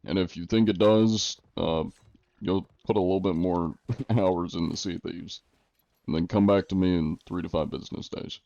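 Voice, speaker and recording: Low, mellow-voiced joking streamer man. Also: steady tone, moderate pace, gravelly, dry recording, dull audio. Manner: dry, joking, answers chat. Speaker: game streamer. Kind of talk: casual live-stream chat.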